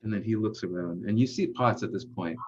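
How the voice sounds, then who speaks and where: Running a tabletop session, this low, husky-voiced man narrates in fits and starts, filling gaps with pauses and fillers. The audio sounds muffled and low quality.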